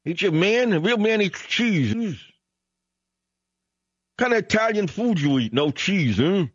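A man's voice: high voice, lively intonation, a little slow, husky, no echo, muffled recording, voice pushed up, full character voice. A man putting on a pushy, heckling caller's voice. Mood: taunting. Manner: heckling, nagging. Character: taunting pushy male caller, loud and mocking.

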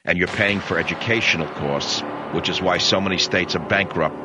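A man's voice: sits low, normal speed, noisy background. A man hosting a talk radio show, ranting in a combative, sarcastic way. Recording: dull lo-fi radio broadcast.

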